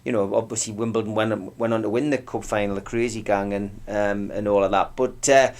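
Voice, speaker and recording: A man's voice: lowish voice, fairly even intonation, fairly quick, a little mellow. A man, co-hosting a casual football chat show in a rambling, restart-filled way. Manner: rambling, many restarts, nostalgic. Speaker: radio co-host. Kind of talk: casual sports banter.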